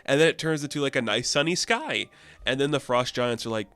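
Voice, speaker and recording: A man's voice: medium pitch, fast talker, a bit bright, clean tone, no echo, soft background music. A man reviewing a comic book in a casual, chatty and rambling way, full of "like" and "you know".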